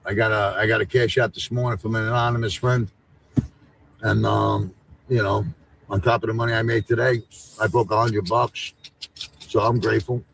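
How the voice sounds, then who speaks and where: A man's voice: fairly low pitch, flat delivery, normal speed, vocal fry, pauses often, fairly bright tone, a little hiss or hum, poor audio. A man calling into a livestream from a car, chatting in a laid-back, rambling and profane way. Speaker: livestream guest. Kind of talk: casual livestream chat.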